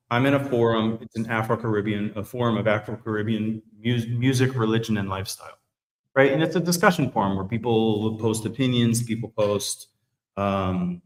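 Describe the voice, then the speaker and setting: Man, lowish voice, blunt, swears freely, reflective, candid talk, echoey room. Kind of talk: candid podcast conversation. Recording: roomy echo.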